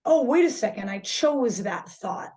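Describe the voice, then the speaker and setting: A woman who teaches yoga talks candidly as a guest on a podcast, in a casual conversation. Her voice is a little high and unhurried, and she's animated, swearing freely and restarting sentences as she hunts for words.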